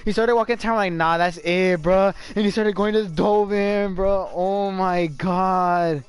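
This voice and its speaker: A man streaming a game live, shouting and swearing excitedly, repeating phrases over and over. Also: high voice, moderate pace, smooth. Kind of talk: hyped live gaming commentary.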